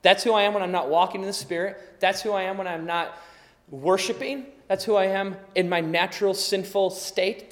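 High-voiced man preaching in a hall. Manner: animated storytelling, swinging from loud to hushed. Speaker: pastor. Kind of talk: sermon. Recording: long reverb in a large hall.

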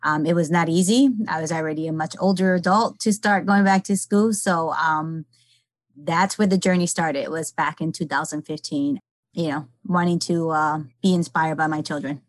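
Middle-aged woman, low voice, dry sound. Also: fairly even intonation, dry recording. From Connecticut, US. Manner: measured, hesitant with frequent ums. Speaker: podcast guest. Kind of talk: casual interview chat.

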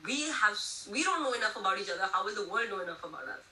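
A woman's voice: mid-range voice, animated, quick pace, bright, forceful tone. A young woman in her twenties from India, speaking as an interview guest, telling stories animatedly and using many "you know"s. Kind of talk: casual conversational interview. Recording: echoey room, distant mic, faint ambience.

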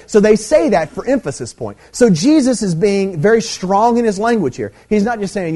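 A man's voice: high-pitched, sing-song, moderate pace, few pauses, dark tone. A middle-aged man preaching a sermon, teaching emphatically and checking in with "okay?" as he goes. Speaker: pastor.

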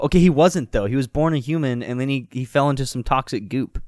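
A man's voice: mid-range voice, fast, darkish tone, dry recording, clean studio sound. A man reading fan fiction aloud on a comedy podcast, laughing often and chatting between passages. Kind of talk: casual comedic chat with dramatic reading.

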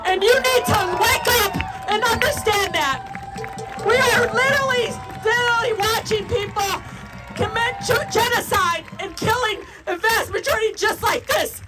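Tearful woman, high-pitched impassioned speech. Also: normal speed, loud music behind the voice, low-quality recording. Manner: emotional, raising her voice. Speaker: politician giving a speech.

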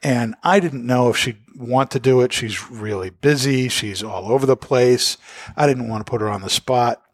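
A man's voice: medium pitch, normal speed, no room sound, clean studio sound. A middle-aged man co-hosting a casual podcast, rambling and talking loosely. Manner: rambling, lots of fillers and restarts. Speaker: podcast co-host. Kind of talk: casual chat.

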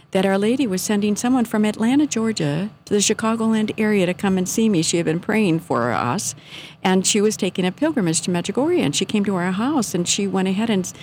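A middle-aged woman telling a personal faith story in casual, earnest talk, animated when she quotes her own thoughts. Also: fairly low pitch, slight background noise.

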